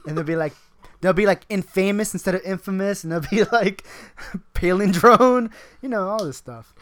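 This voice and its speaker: A man's voice: high voice, normal speed, fairly bright tone. A man chatting casually on a podcast, rambling and swearing freely, often laughing between his words. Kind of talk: casual chat.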